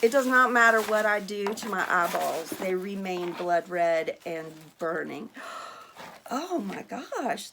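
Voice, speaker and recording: A woman vlogger chatting casually while unboxing gifts, gushing and excitable, exclaiming and laughing often. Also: medium pitch. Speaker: vlogger opening mail.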